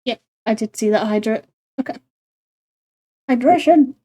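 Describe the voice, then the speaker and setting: Woman, game streamer, high voice, casual playful commentary. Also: lively intonation, unhurried, a little mellow, a little hiss or hum. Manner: playful, laughs often, apologizes in mock panic.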